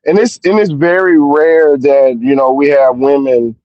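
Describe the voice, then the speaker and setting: A man's voice: on the high side, steady tone, a little slow, no echo. A man in his forties calling in by phone from his car at work, talking casually and rambling with lots of "you know" fillers. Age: 40s. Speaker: caller. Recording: dull phone audio.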